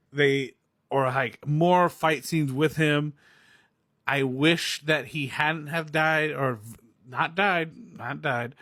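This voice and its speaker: A man's voice: fairly high pitch, dry recording, clean studio sound. A young man ranting casually about a movie, rambling and laughing as he talks. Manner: excitable, rambling, laughs often. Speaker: movie reviewer. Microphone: recorded on phone or camera, self-filmed.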